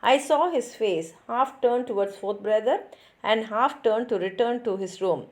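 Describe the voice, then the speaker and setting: A woman reading a novel chapter aloud in a steady, expressive storytelling manner. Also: fairly high pitch, a little slow. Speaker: reader.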